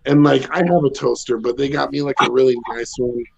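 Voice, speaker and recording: A man in his thirties with a loud, bassy voice, doing a rambling stand-up set from home with lots of ums and chuckles. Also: flat delivery, a little fast, vocal fry, husky, lo-fi sound. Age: 30s. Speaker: stand-up comedian. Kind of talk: casual stand-up set over video call. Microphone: home video call.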